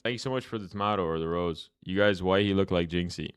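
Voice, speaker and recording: Foul-mouthed lower-voiced male streamer ranting. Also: fast talker, clear, resonant tone, no echo, studio quality. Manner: profane, ranting banter with chat. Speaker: chess streamer. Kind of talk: live-stream commentary and storytelling.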